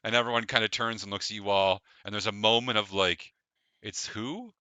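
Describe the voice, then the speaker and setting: Man, game master, deep voice, bright forceful tone, dry close mic, casual filler-heavy narration. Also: little pitch movement, fast, clean tone, dry recording.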